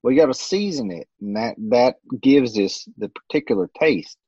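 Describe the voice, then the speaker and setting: A man's voice: medium pitch, expressive, normal speed, mellow, husky, dry recording, lo-fi sound. A man voicing a folksy rural backwoods man who talks in a drawl with broken grammar.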